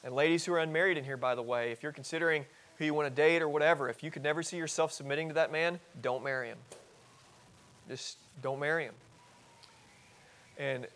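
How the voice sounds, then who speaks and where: A man in his thirties preaching a sermon as pastor in a church, earnest, swinging between loud emphasis and soft asides. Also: fairly high pitch, slight background noise. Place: church sanctuary.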